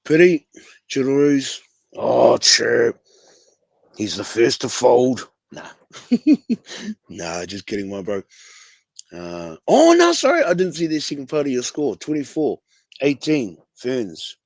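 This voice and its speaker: A man's voice: medium pitch, big pitch swings, unhurried, creaky, dry recording. A man with a New Zealand accent hosting a casual fan livestream, laid-back and slangy, calling everyone bro. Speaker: fan show host.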